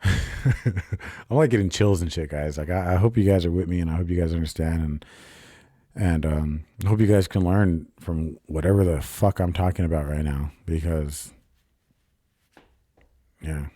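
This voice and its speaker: In a laid-back solo podcast monologue, the young host rambles through a confessional personal story full of profanity. He speaks at normal speed in a low, dark voice with long pauses, captured in a dry, studio-quality recording.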